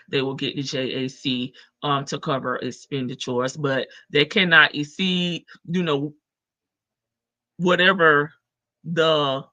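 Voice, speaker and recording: A woman's voice: deep voice, sharp tone, no room sound. A woman hosting a casual livestream, chatting in slang and greeting viewers by name. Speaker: livestream host. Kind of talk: casual livestream chat reading viewer comments.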